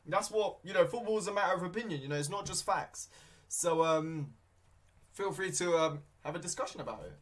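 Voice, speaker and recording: Young male streamer, higher voice, loose rambling football chat with plenty of fillers. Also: fairly quick. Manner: rambling, hesitant, many fillers; talking with his mouth full at times. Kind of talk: casual live match commentary.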